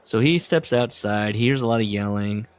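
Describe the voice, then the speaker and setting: A man hosting a casual podcast book discussion, recapping and reading passages with lively put-on voices. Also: fairly low pitch, moderate pace, clear, resonant tone. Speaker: podcast host.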